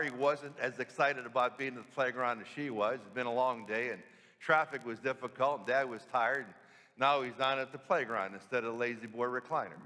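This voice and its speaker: A priest tells a story from the pulpit in a bright, forward voice that sits a little high. He asks the congregation rhetorical questions, and his words ring with a long reverb through the church. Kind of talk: sermon storytelling.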